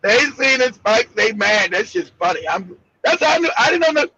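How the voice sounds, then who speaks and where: A man co-hosting an online talk show, chatting bluntly with lots of laughter and animated retelling. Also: very high-pitched, moderate pace, husky, no room sound, highs cut off. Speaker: co-host. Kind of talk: casual chat.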